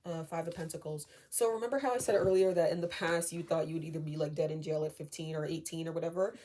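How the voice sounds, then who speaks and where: Soft-spoken woman doing a chatty tarot reading. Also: deep voice, fast. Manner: chatty, many fillers, often asks okay?; reassuring and calming. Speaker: tarot reader. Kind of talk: casual tarot reading to viewers.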